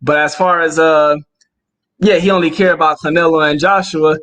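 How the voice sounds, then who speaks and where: A man's voice: a little high, steady tone, moderate pace, a bit bright. A man chatting casually about boxing as co-host, slangy and laid-back with lots of fillers.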